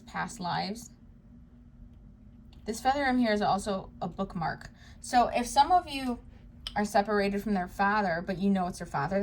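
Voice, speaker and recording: Soft-spoken woman giving a tarot reading. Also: medium pitch, a little hiss or hum. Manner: soft, reassuring, addresses viewers directly. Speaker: psychic tarot reader.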